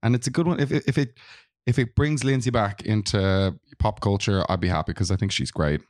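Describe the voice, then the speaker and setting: A man's voice: lowish voice, fairly quick, no echo, clean studio sound. A man with an Irish accent, co-hosting a casual film podcast, chatty and rambling. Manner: chatty, rambling with restarts and laughs. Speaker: podcast co-host. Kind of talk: casual chat.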